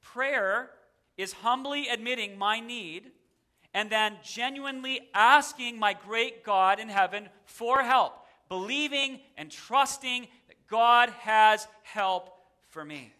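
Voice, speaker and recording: A man's voice: very high voice, slow pace, bright, forceful tone. A male pastor preaching a sermon in a church, emphatic and repeating a verse with shifting emphasis. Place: church sanctuary.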